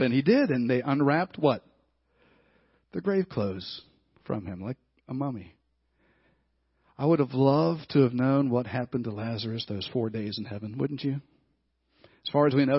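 A man pastor preaching a storytelling sermon that swings from loud, emphatic bursts to quiet, hushed lines. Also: mid-range voice, slightly rough, no echo, dull audio.

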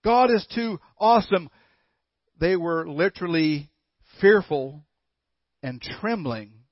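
A man's voice: fairly high pitch, no room sound, highs cut off. A male pastor giving a sermon, quizzing the congregation conversationally and reading scripture aloud. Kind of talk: sermon with audience questions.

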